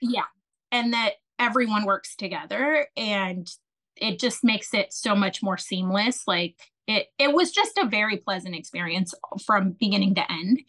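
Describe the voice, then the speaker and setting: A woman telling a long personal story as a podcast guest, chatty and animated, with many fillers and restarts. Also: mid-range voice, unhurried. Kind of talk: casual storytelling.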